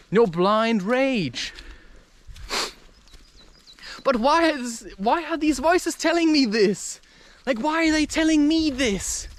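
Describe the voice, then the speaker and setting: A man musing in a rambling, profane spiritual monologue, excitable and talking half to himself. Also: high voice, slight background noise. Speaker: vlogger.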